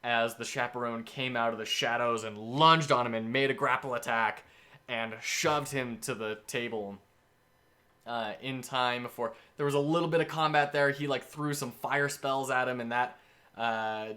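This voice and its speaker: Bright-voiced enthusiastic game master. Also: male voice, medium pitch. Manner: enthusiastic, rambling storytelling. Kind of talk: casual game-prep talk.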